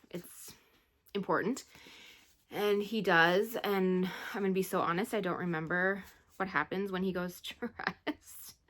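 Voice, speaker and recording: This is a casual book review chat from a woman vlogger whose voice runs on the low side with a fairly bright tone. She rambles emotionally through retelling a book she read, sighing along the way.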